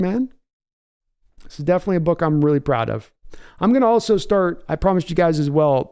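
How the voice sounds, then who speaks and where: A man's voice: a little high, gravelly, a little mellow, smooth. A man hosting a casual livestream podcast, chatting and reading viewer comments aloud. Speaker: podcast host.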